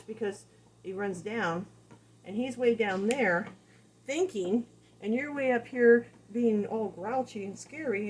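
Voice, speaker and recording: A woman dog trainer giving a casual lesson, animated and repeating key phrases as she acts out examples. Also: medium pitch, slow, slight background noise. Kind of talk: casual teaching talk.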